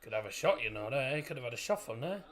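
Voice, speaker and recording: A man's voice: medium pitch, lively intonation, fast. A young man chatting casually while streaming a football watchalong, blunt and rambling. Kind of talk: casual live commentary and chat.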